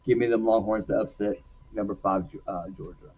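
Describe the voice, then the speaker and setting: A man's voice: fairly low pitch, steady tone, brisk, husky, phone-quality sound. A man co-hosting a casual sports chat show, talking animatedly about his game picks. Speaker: podcast co-host.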